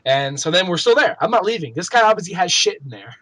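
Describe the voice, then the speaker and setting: Young man, podcast co-host, casual gaming chat, animated storytelling, fairly high voice, dry close sound. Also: fast, hardly any pauses, no room sound. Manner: animated storyteller, swears freely, acts out shouted quotes.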